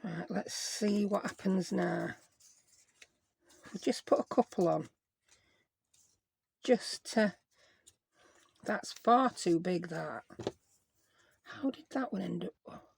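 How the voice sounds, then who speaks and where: A woman's voice: on the low side, slow, creaky, pauses often, slight background noise. A woman hosting a casual crafting vlog, chatty and self-deprecating, talking to herself as she works. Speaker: craft channel host.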